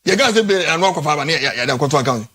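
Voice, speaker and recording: A Ghanaian man hosting a morning talk show, debating animatedly and repeating words as his pitch jumps. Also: expressive, very fast, sharp tone, slightly rough. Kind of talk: animated studio debate in Twi and English.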